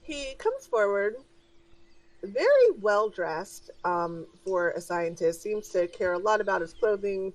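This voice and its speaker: A woman's voice: on the low side, no echo, recorded from a distance, poor audio. A woman narrating a tabletop game as game master, in a casual, hesitant way with many fillers.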